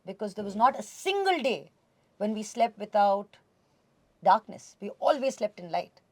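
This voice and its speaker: An expressive woman from India chats as an interview guest, tossing Hindi words into her English. Her voice sits at an ordinary middle pitch. The studio sound is close and dry. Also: normal speed, dry recording. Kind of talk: casual conversational interview. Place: radio studio.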